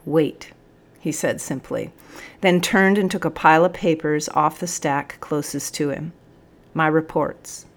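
Low-voiced woman narrating a storybook. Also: normal speed.

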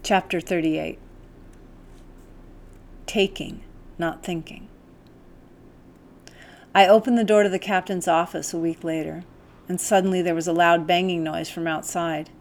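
Calm, lower-voiced woman narrating. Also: unhurried, long pauses. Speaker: audiobook narrator. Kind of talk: audiobook narration.

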